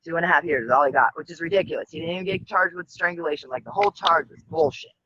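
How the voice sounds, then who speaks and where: Fast-talking woman with a bright voice. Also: on the low side, a little hiss or hum. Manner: fast, halting, with many restarts and fillers. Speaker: guest. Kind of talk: rambling personal storytelling. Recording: dull, dry lo-fi audio.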